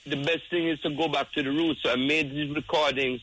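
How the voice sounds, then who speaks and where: Older man, slow and reflective. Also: fairly high pitch, fairly even intonation, a bit bright, rough recording. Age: 70s. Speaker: guest musician. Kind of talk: reflective radio interview.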